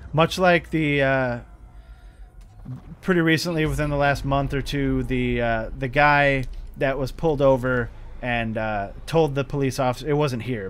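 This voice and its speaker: An American man hosting a gaming channel, giving rambling, frustrated commentary over gameplay with lots of swearing and restarts. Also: medium pitch. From United States.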